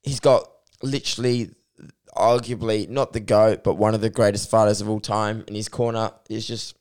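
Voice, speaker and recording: A man with a low, smooth, resonant voice chatting about fight sports. He talks eagerly and piles phrase on phrase as he builds his case. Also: steady tone, normal speed, darkish tone. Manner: enthusiastic, stacks phrases with like and just. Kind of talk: casual sports chat.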